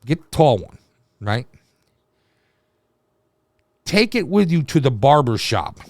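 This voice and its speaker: A man's voice: mid-range voice, very animated, takes it slowly. Guy doing mocking reaction rants, swears constantly, dry sound, no room echo. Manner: crude, mocking, rambling rants with heavy swearing. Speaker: reaction video host. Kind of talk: profane reaction commentary.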